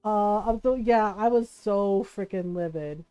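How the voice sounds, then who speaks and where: A woman streamer telling a story in casual chat, animated, laughing often and saying "like" and "right?" a lot. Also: medium pitch, a little slow, clean tone, muffled recording, faint music behind.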